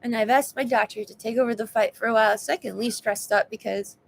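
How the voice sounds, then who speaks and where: A woman's voice: fairly high pitch, steady tone, fast talker, vocal fry. A woman giving a casual personal video update, weary and frank, sounding exhausted. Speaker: vlogger.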